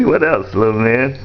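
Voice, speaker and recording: A man talking playfully to an infant while filming, coaxing him and jumping into high baby-talk pitch. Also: gravelly, lo-fi sound.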